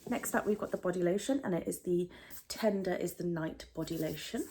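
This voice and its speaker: A woman's voice: fairly low pitch, a little fast, mellow, slight background noise. A young British woman chatting casually through a product unboxing, rambling with lots of fillers and asides. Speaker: beauty vlogger.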